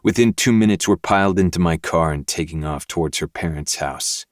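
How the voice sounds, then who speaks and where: A man, the podcast host, narrating a dark novel in first person with steady, measured delivery. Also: deep voice, no echo, studio quality.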